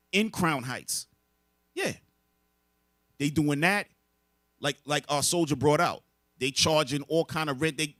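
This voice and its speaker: A religious teacher preaches a lesson to a group, speaking emphatically and posing rhetorical questions that he then answers. His voice is medium-pitched and a bit bright, captured in a dry recording.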